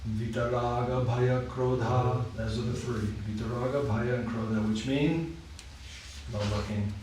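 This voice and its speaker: A man leading a scripture study class, speaking slowly and softly, chuckling now and then as he explains. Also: mid-range voice, fairly even intonation. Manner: slow, soft-spoken, chuckles while retelling stories. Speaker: class leader. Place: temple hall. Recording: echoey room, mic far off, noisy.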